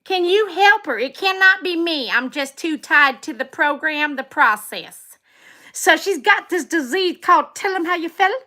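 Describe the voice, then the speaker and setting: A woman with a high, bright voice clowns through an improvised live skit. She talks unhurriedly, repeating phrases playfully and laughing as she goes. She is a dog groomer hosting her own live stream. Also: lively intonation, a little slow. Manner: playful, repetitive, breaks into laughs.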